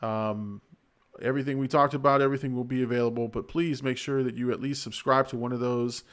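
A man's voice: medium pitch, steady tone, a little fast. A man in his forties hosting a casual livestream podcast, chatty and rambling, laughing often. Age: 40s. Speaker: podcast host.

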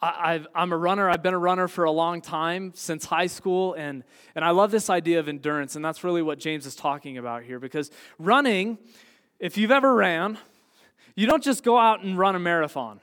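Pastor guy preaching, earnest, kinda high voice, big hall echo. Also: fairly quick, clean tone. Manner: earnest preaching, swings from quiet to emphatic. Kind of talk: sermon.

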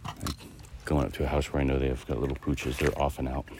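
Podcast host, man, very deep low voice, loose rambling reflective talk on an outdoor walk. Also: little pitch movement, brisk, noisy background. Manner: rambling, musing, with many fillers and restarts. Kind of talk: casual reflective monologue. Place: outdoors, walking a dog through a neighborhood.

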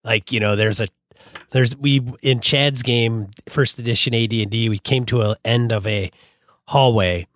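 A man co-hosting a casual chat about tabletop games, jokey with quick banter. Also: medium pitch, fairly even intonation, fairly bright tone, no echo, studio quality. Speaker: podcast co-host and event organizer.

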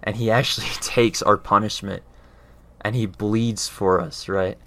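Man, lowish voice, earnest, casual explaining, keeps checking in with the listener. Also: fairly even intonation, measured pace, sharp tone, slight background noise. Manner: earnest, often checks in with "right?". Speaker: speaker explaining faith.

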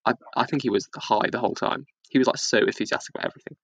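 A man's voice: mid-range voice, steady tone, rapid-fire, fairly bright tone, breathy edge, no echo, highs cut off. A man co-hosting a podcast, telling rambling school anecdotes with frequent giggles. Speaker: podcast co-host. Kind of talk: casual chat.

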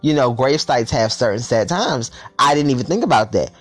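Man, vlog storytime, swearing constantly, lively up-and-down voice, faint music behind. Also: medium pitch, normal speed. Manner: profane, animated storytelling with lots of slang.

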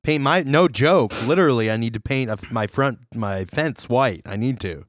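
A man co-hosting a podcast in casual chat, jokey and animated, laughing often. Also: medium pitch, normal speed, dry recording, studio quality. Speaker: podcast co-host.

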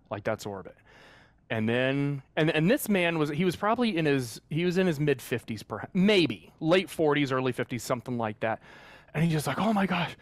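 A man's voice: medium pitch, dry recording. An earnest man recounts a moving experience from his work as a mascot performer, his speech full of fillers and restarts as he searches for words. The sound is dry and close, with no room around it. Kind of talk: storytelling in a conversational interview.

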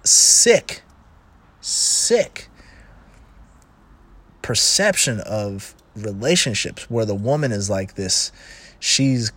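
A middle-aged man with a fairly low voice speaks in a loose, rambling monologue. He restarts his sentences often and drifts into asides. He slips into animated quoted voices when retelling a scene. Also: a little slow, husky. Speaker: commentator on relationships. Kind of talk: casual monologue.

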